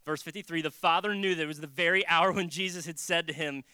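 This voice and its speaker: A preacher giving a casual, animated sermon, jumping into acted quotes and joking with the congregation. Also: medium pitch, fast, clear, resonant tone, dry recording. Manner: animated, acts out quotes, jokes. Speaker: pastor. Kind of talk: conversational sermon.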